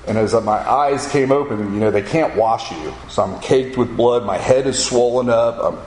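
Guy telling his testimony like a story, mid-pitched voice, echoey room w faint ambience. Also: normal speed, darkish tone, a little hiss or hum. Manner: vivid storytelling, acting out quoted voices. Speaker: speaker giving a personal testimony. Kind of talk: spoken testimony to an audience.

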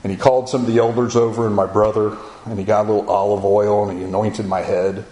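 A man with a lowish, warm voice talks fast in a flat delivery, with slight background noise, roomy echo and faint ambience. He tells his personal testimony as a story, acting out conversations with "I go" and "he goes."

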